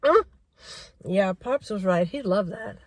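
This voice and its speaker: A woman's voice: medium pitch, expressive, slow pace, no echo. Rambling woman with a dry, close sound. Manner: rambling, repeats herself for emphasis. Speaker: vlogger. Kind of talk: casual driving-safety rant.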